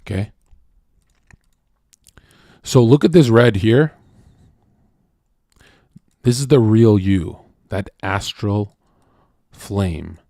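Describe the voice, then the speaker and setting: A man hosting a livestream and talking to his chat in a blunt, profane rant that swings from shouting to low muttering. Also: drawn-out words, long pauses, dry recording, studio quality.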